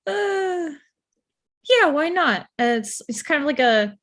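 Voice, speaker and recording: A woman player chatting casually during a tabletop game, playful and quick to joke about herself. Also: sits high, sing-song, a bit bright. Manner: playful, laughing, self-deprecating asides.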